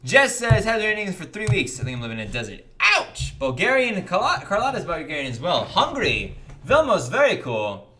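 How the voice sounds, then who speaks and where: Lively young American streamer. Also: male voice, brisk, few pauses, a little hiss or hum. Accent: General American. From United States. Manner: upbeat, jumps in pitch when greeting chatters. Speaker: livestream host. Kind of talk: casual livestream chat reading donations.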